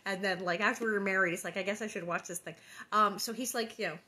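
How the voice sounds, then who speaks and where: A woman's voice: mid-range voice, fairly even intonation, bright, forceful tone. Woman host, casual and rambling, lots of "um"s and little laughs, chatty aside between chapters. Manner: chatty and rambling, with many fillers and quick laughs. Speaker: host reading a book aloud online. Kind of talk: casual chat between readings.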